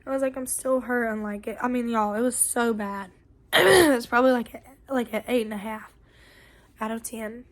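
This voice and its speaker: Young woman, hoarse and short of breath, chatty vlog storyteller with a slightly high voice. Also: steady tone. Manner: chatty, storytelling, quick asides. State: hoarse and winded from bronchitis. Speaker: vlogger. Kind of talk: casual chat to camera.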